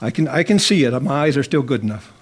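A man's voice: mid-range voice, animated, fast talker, breathy edge. A male pastor preaching a sermon in church on a corded mic, fervent and coaxing the congregation to answer back. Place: church sanctuary. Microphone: corded handheld mic.

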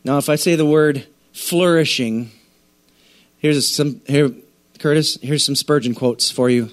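A man preaching a sermon to a church congregation, animated and conversational, often acting out the voices of listeners. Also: a little high, measured pace. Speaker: pastor.

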